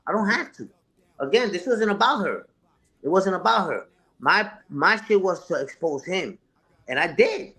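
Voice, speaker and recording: A man whose voice sits high and swings widely in pitch. He sounds confrontational and profane, repeating phrases for emphasis as he talks without a script. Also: bright, forceful tone. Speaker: interview guest, online content creator. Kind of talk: heated unscripted talk, answering a live chat.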